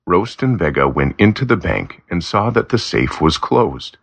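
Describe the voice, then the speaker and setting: Husky deep-voiced man reading a story. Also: big pitch swings, a little slow, hardly any pauses. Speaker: narrator. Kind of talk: scripted narration of a graded reader story.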